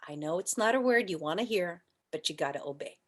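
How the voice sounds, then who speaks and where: Yoga teacher, woman, chatty and playful, lots of rhetorical questions, leads soft chants. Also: fairly low pitch, lively intonation, fairly quick. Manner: soft chanting and whispering at times. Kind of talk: teaching an online class.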